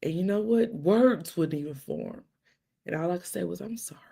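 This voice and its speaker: A middle-aged woman, hosting a live talk and telling stories animatedly, dropping to soft whispers and rising to loud exclamations. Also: fairly low pitch, normal speed, vocal fry. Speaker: livestream host.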